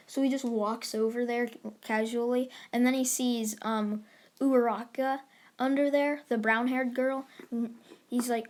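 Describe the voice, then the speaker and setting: A woman's voice: fairly high pitch, steady tone, measured pace, darkish tone. Rambling woman telling a fan story. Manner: rambling, lots of filler words. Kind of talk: casual improvised story narration.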